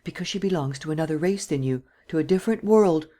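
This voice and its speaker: This woman's low, warm, natural voice moves quickly as she narrates an audiobook. She takes on the part of an anxious, protective old woman, pleading earnestly in a shaky voice that at times sinks to a whisper.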